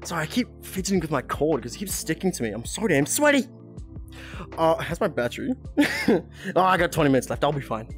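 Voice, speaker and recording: Excitable giggly streamer on a vr headset mic, voice bouncing all over, bit of music behind. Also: medium pitch, fairly quick. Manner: giggly, excitable, swears often. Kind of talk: casual live-stream chat while playing a VR game.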